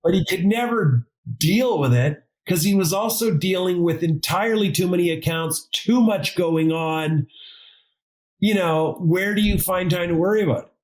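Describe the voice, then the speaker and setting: A podcast guest who works as an advisor and consultant speaks at normal speed in a voice that sits high. He tells stories casually and with animation, acting out dialogue in quotes and tossing in jokey asides. The recording is low quality.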